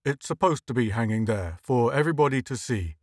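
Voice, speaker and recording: Curt police officers, voiced by a man, asking short, flat questions in a storybook reading. The delivery is close and dry. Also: mid-range voice, fairly quick, no room sound, close to an everyday voice.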